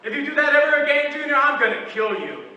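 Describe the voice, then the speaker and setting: Brief: teen guy as a patient reasoning juror, bright high voice, long hall echo from afar. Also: moderate pace, muffled recording. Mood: persistent. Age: late teens. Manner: methodical, reasoning aloud, some restarts. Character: calm, persistent male juror reasoning. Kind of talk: stage play performance. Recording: echoey hall from far off, light noise.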